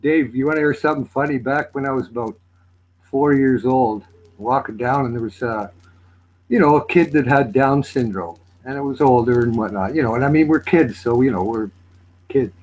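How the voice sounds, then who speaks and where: A man's voice: medium pitch, normal speed, a little mellow, low-quality recording. A man from Lancashire with a Lancashire accent, chatting casually and telling laid-back anecdotes. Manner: laid-back storytelling, laughs along. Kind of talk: casual chat with banter.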